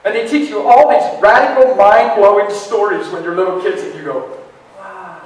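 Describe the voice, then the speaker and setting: A middle-aged man preaching a sermon with passion, swinging between shouts and hushed words. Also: high-pitched, a little fast. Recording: echoey hall from far off with faint noise.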